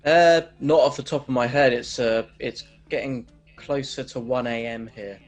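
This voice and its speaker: A man's voice: mid-range voice, steady tone, moderate pace, soft background music, rough recording. A man co-hosting a casual chat over a video call, talking in a rambling way with lots of restarts. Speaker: co-host.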